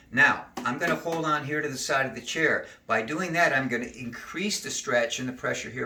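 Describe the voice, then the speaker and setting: A man teaching neck and shoulder stretches, giving calm step-by-step cues and slow breathing counts. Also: medium pitch, distant mic. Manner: calm, cueing slow breathing and gentle moves. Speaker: stretching instructor. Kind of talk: exercise demonstration. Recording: roomy, from off mic.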